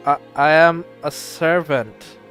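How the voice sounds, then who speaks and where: A man's voice: on the high side, slow, fairly bright tone, faint music behind. A man voicing a young female servant who talks timidly and stammers. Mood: nervous.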